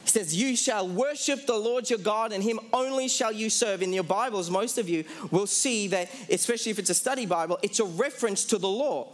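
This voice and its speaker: A man preaching a sermon to a congregation. He asks the audience questions, answers them himself, and slows down hard on the key phrases. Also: high-pitched.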